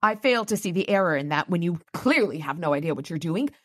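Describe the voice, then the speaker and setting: A woman's voice: fairly low pitch, animated, quick pace, fairly bright tone. A woman reading the lines of a stern middle-aged mother who scolds her daughter coldly. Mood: scolding. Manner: cold, scolding.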